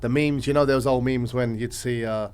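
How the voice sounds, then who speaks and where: A man chatting casually as a podcast guest, telling stories in a rambling, animated way, his voice swinging from loud to quiet. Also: mid-range voice, normal speed, clean tone. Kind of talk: casual chat.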